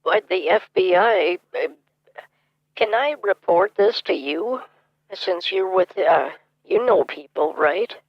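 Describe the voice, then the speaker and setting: A man's voice: high voice, slow, no room sound, pitched above the performer's own voice, heavily acted. Man doing a flustered lady caller, drawls and dithers, slightly muffled, dry. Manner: rambling, hesitant, dithering. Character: flustered woman on a phone call. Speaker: scambaiter.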